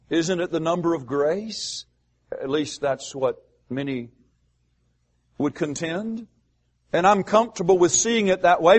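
A man pastor preaching a sermon, asking the congregation rhetorical questions and pausing for emphasis. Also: high-pitched, breathy edge.

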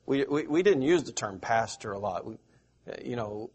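A man's voice: medium pitch, animated, darkish tone, slightly rough. A middle-aged man from the American South, preaching a sermon and asking his listeners questions. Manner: slow, repetitive, asks the audience questions.

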